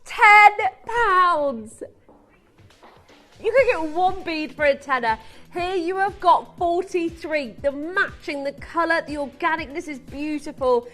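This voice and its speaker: A woman presenting on a live TV shopping channel, excitable and gushing as she urges viewers to buy. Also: high voice, moderate pace, few pauses, soft background music. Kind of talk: live TV shopping sales patter.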